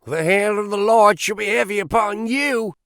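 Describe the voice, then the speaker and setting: A man's voice: mid-range voice, sing-song, measured pace, a bit bright, dry recording, studio quality. A man reading Drebber, a smug young Mormon suitor. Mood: threatening. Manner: smug, then pious threats. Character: smug young male Mormon suitor, vain and self-assured.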